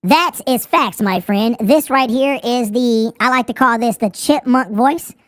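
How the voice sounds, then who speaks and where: A man using a pitch-shifting soundboard voice changer to talk as a squeaky chipmunk, playful and teasing. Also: unhurried, a bit bright, no room sound. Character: squeaky chipmunk voice, cartoonish and jokey.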